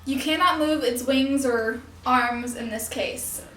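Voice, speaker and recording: Taking it slowly, a young puppetry instructor with a high, slightly bright voice explains puppet technique in a hands-on lesson. She pauses here and there to correct herself, and her words echo around the room.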